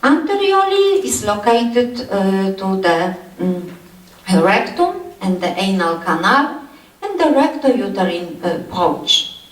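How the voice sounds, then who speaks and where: Halting woman lecturing in an echoey hall. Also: mid-range voice, sing-song, distant mic. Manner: halting, many fillers and repeated "yes". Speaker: anatomy lecturer. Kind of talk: university lecture.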